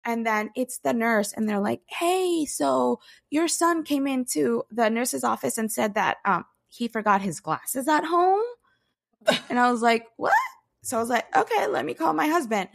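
Animated mom telling stories. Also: female voice, on the high side, measured pace, gravelly. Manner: animated storyteller, excitable. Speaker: podcast co-host. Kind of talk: casual chat.

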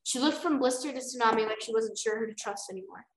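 A woman's voice: fairly high pitch, quick pace. Young woman reading a story aloud, echoey room. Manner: animated, excitable fan. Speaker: podcast co-host, reader. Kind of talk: reading a novel aloud with casual commentary. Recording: roomy echo.

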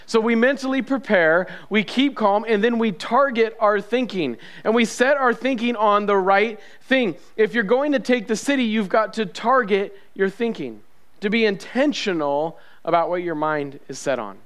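A man's voice: high voice, moderate pace, a bit bright. A male pastor preaching a sermon, emphatic and repetitive, asking the congregation questions.

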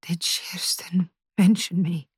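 A woman voicing a guarded young woman who speaks in hushed, clipped replies. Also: lowish voice, unhurried, slightly rough, no room sound, clean studio sound. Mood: tense, hushed. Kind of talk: audiobook character voice.

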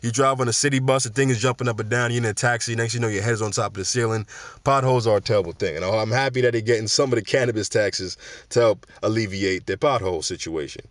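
A man's voice: fairly low pitch, quick pace, dry recording. A man hosting a podcast, talking in a casual, slangy and emphatic way, with frequent restarts. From New York. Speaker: podcast host.

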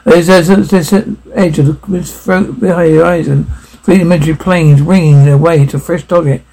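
A man reading a science fiction story aloud, halting, with frequent restarts. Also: fairly high pitch, steady tone, dark tone, rough recording. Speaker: narrator.

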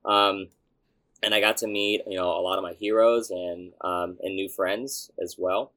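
Deep-voiced man telling a lively story. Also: measured pace. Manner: animated, excitable storyteller with bursts of shouting. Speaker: guest, youth pastor. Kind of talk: casual storytelling interview.

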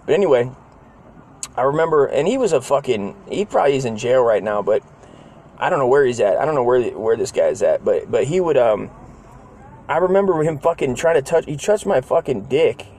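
Profane, rambling man in his forties. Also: a little fast. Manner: animated, jumps into higher voices to quote people. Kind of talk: casual storytelling.

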